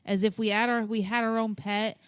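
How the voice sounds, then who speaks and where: A woman's voice: medium pitch, fairly quick, clean tone, dry recording, clean studio sound. A woman co-hosting a podcast, chatting casually as a mother and acting out what her family said. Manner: animated storytelling, acting out what family members said, frequent laughs. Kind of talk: casual chat.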